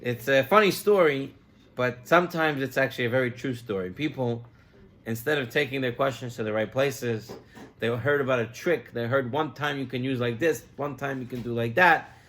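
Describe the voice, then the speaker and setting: A man giving a sermon as a rabbi, telling a story in a lively way and mixing in Hebrew terms. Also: medium pitch, moderate pace.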